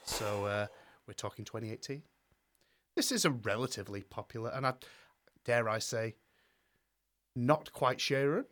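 A man's voice: lowish voice, moderate pace, pauses often, fairly bright tone. A man hosting a casual podcast chat, jokingly reading out chart dates. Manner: jokey, reads chart dates with mock ceremony. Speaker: podcast host.

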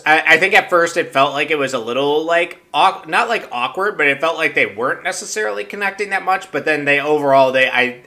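Man, bright tone, casual podcast recap, swearing, rambling with fillers, exasperated. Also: fairly high pitch. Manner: rambling, profane and exasperated, with many fillers and restarts. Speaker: podcast host.

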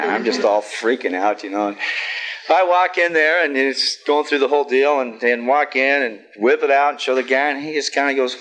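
A man's voice: medium pitch, a little fast, fairly bright tone, low-quality recording. A middle-aged man speaking at a recovery meeting, telling a personal story in a plain-spoken, candid way with frequent fillers and self-deprecating humor. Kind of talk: personal sharing talk.

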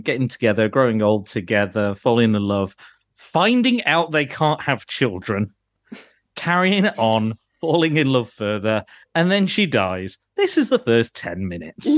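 A man's voice: medium pitch, no echo. Rambling man, dry close sound. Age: adult, grew up in the nineties. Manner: rambling, self-deprecating, swears and laughs often. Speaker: podcast co-host. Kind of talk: casual podcast chat.

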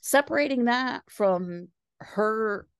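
A woman in casual podcast conversation, talking in an animated, opinionated way with quick asides. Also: fairly high pitch, clean tone, no room sound, studio quality.

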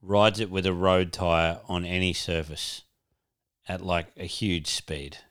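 Low-voiced laid-back guy. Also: steady tone, takes it slowly, fairly bright tone. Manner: laid-back, rambling, swearing. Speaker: podcast co-host. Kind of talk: casual chat.

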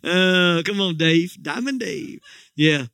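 A man's voice: sits high, lively intonation, slow pace, sharp tone, clean tone, dry recording, clean studio sound. A middle-aged man preaching a sermon as pastor, telling a story in a folksy, joking way with many restarts.

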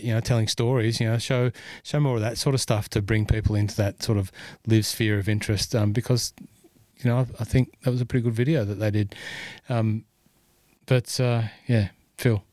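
A man's voice: medium pitch, darkish tone, no echo, studio quality. A man hosting a golf podcast in casual, rambling chat full of fillers. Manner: rambling, lots of fillers and "you know". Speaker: podcast host.

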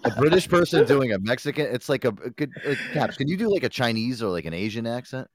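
A man's voice: mid-range voice, very animated, no echo. An American man hosting a podcast in crude, laughing casual banter. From United States. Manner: crude, laughing, quick to joke. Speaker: podcast host.

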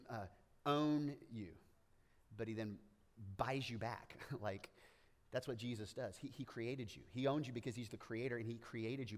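A man's voice: medium pitch, long reverb tail. Joking man preaching with playful asides. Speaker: pastor. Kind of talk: sermon.

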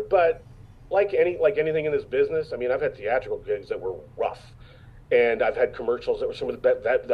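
Husky fifty-something man telling stories. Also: mid-range voice, lo-fi sound. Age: 50s. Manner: storytelling, acts out quotes, frequent restarts. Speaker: actor guest. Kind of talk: casual interview chat.

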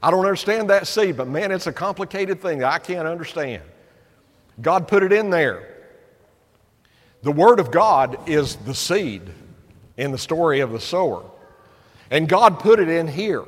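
A man with an East Tennessee accent preaches an encouraging sermon, his fairly high voice rushing through some phrases and slowing to lean on others. A long hall reverb trails each line through the sanctuary. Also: expressive. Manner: earnest and encouraging, with quick bursts and slow emphatic phrases. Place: church sanctuary.

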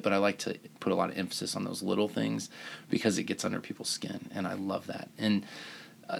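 A man's voice: on the low side, gravelly, pushed and bright. A man, a surgeon hosting a podcast, telling rambling self-mocking stories in casual chat.

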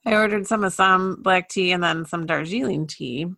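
A woman co-hosting a podcast, chatting casually in a relaxed way and laughing easily. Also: on the low side, normal speed, creaky. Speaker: podcast co-host. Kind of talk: casual chat.

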